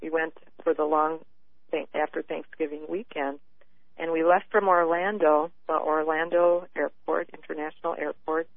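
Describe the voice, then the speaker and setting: A woman caller tells her story over a tinny phone line, her voice squeezed thin and narrow. She talks earnestly in halting bursts, often restarting her sentences, and the sound is dry with no room around it. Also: low-pitched, level tone, no echo. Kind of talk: call-in radio chat.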